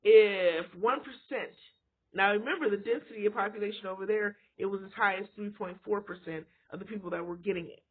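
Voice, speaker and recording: This vlogger, a woman with a husky mid-range voice, speaks briskly as she rants to camera, blunt and profane, throwing out rhetorical questions. The audio is lo-fi and sounds like a phone recording.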